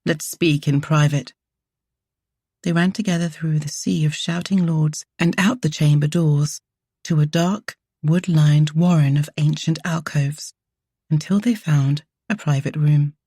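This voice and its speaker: Low, husky woman narrating romance. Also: fairly even intonation, measured pace, warm tone, no room sound, studio quality. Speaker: audiobook narrator.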